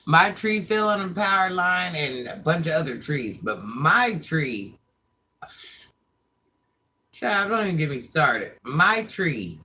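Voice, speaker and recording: A woman in her fifties hosts a laid-back livestream chat, her low voice very animated yet unhurried, with a bright, forceful tone. She's a talkative storyteller who laughs at herself while chatting with viewers.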